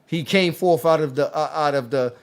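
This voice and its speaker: A man hosting a casual livestream discussion, talking in a rambling, halting way with many restarts. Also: on the high side, clear, resonant tone. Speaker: livestream host.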